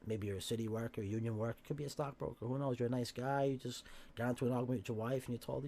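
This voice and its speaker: A man's voice: mid-range voice, fairly even intonation, warm tone. A man with a New York accent talking heatedly as a podcast guest, swearing often and acting out what others say. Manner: fast, profane, acts out quoted voices. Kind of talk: heated casual chat, profane.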